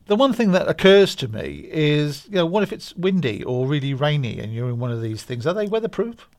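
A man's voice: fairly high pitch, big pitch swings, fairly quick, darkish tone. A man hosting a podcast, playful and teasing, laughing a lot. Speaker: podcast host. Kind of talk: casual chat.

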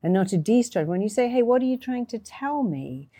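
A woman's voice: on the high side, expressive, fairly quick, warm tone, dry recording. A middle-aged woman hosting an interview, praising her guest and explaining ideas with everyday examples. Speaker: interview host. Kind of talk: interview conversation.

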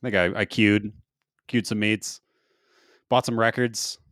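A man's voice: lowish voice, fairly even intonation, measured pace, fairly bright tone, no room sound. A man co-hosting a casual sports podcast, teasing his co-host with a dry, sarcastic wit. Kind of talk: casual chat.

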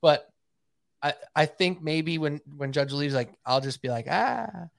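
A man co-hosting a casual sports podcast, talking in an animated, emphatic way and often repeating himself. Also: a little high, unhurried, no room sound. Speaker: podcast co-host.

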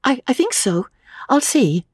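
A woman voicing a nervous, flustered young woman who stammers in a high voice. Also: very animated, a little slow, slightly rough, no echo, clean studio sound, exaggerated voice.

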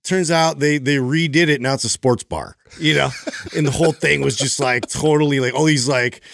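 A man's voice: fairly high pitch, normal speed, vocal fry, no room sound, clean studio sound. A man co-hosting a podcast, telling a long story in casual chat and acting out the voices of people in it. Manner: animated, acts out voices in his stories. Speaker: podcast co-host.

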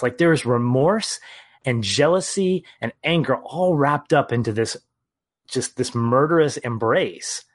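A man's voice: mid-range voice, measured pace. Earnest man recapping a film scene. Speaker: podcast co-host. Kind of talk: casual film discussion.

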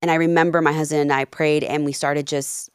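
A woman's voice: low-pitched, a little fast, clear, resonant tone, no room sound, studio quality. A woman in her thirties, a life coach, telling her story in a casual interview and acting out the dialogue. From Peru and New Jersey. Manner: animated, acts out quoted dialogue. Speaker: podcast guest, life coach.

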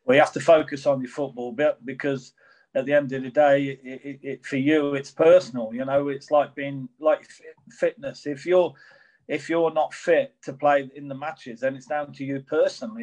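A man's voice: mid-range voice, steady tone, normal speed, darkish tone, poor audio. Rambling middle-aged man, former footballer. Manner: rambling, many restarts and "you know". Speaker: former professional footballer guest. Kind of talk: casual interview answers.

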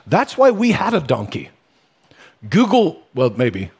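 A man preaching a sermon as pastor, telling stories in a conversational way with sudden animated bursts. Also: fairly high pitch, unhurried, breathy edge.

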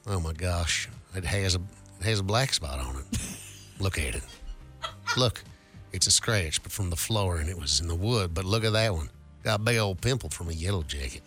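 A man voicing a fretful little toddler in an imitation Southern US accent, speaking low and quietly. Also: animated, moderate pace, over music. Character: fussy little toddler fretting over a scratch.

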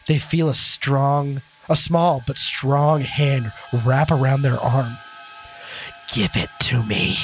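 Man narrating as game master. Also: medium pitch. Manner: casual, laughing often, loose storytelling.

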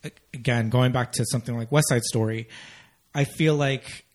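A man's voice: medium pitch, steady tone, moderate pace. A man co-hosting a podcast in casual chat, agreeable and chatty, with many fillers. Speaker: podcast co-host.

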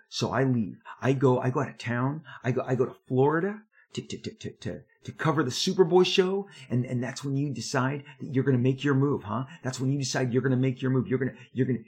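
A man putting on the voice of a bullying, middle-aged male editor who berates and shouts, repeating himself as he scolds. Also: medium pitch, close to an everyday voice.

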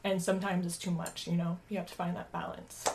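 A young woman speaking in a casual podcast conversation, chatty and quick to laugh. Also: fairly low pitch, flat delivery, background noise.

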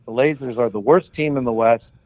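An older man swapping stories on a podcast, animated and given to laughing mid-sentence. His voice sits at an ordinary middle pitch, and the sound is close and dry, with no room around it. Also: a little fast, dry recording, low-quality recording. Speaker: guest, former soccer player. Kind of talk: casual storytelling.

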